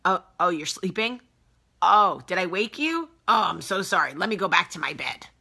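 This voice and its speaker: Sorry-sorry male pet dog , done by a woman, sweet and fussing, with a fairly low but bright voice. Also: lively intonation, normal speed, gravelly, husky, exaggerated voice. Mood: apologetic.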